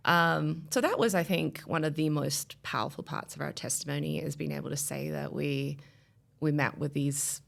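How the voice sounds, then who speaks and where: A woman's voice: deep voice, moderate pace, vocal fry. A woman in her thirties telling her family's story in a podcast interview, earnest and rambling with many restarts.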